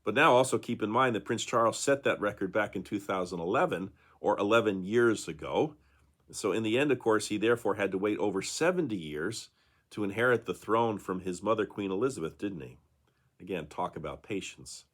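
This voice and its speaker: Deep-voiced male pastor, chatty devotional. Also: expressive, brisk, a bit bright. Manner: conversational, with frequent ums and uhs and tag questions. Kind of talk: daily devotional talk.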